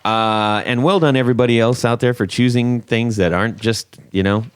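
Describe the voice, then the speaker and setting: A man hosting a casual podcast chat, animated and quick to laugh, often trailing off mid-sentence. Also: medium pitch, clear, resonant tone. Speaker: podcast host.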